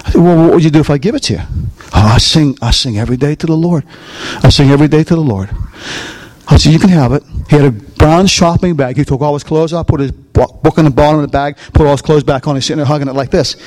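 A man's voice: fairly high pitch, quick pace, a little mellow. A man preaching a sermon as pastor, telling stories and putting questions to his congregation in church. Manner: storytelling, asks the congregation questions.

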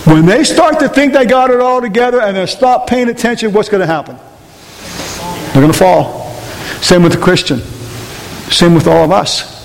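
A man's voice: high voice, lively intonation, moderate pace, creaky, long pauses. A man preaching a sermon to a congregation, emphatic and repeating rhetorical questions. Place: large room with an audience. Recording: long hall reverb, faint hiss.

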